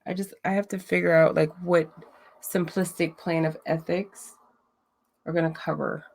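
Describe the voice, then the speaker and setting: Blunt gravelly woman chatting. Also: fairly low pitch, little pitch movement, moderate pace, a little mellow. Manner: blunt, profane, roasting a chat troll. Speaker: livestream host. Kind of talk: casual livestream chat.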